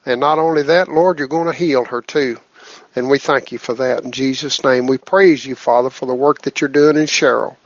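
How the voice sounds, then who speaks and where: A man's voice: medium pitch, steady tone, moderate pace, no echo, dull audio. A man leading spoken prayer on a phone conference call, earnest and repetitive, returning to "Lord" between phrases. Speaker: prayer line leader.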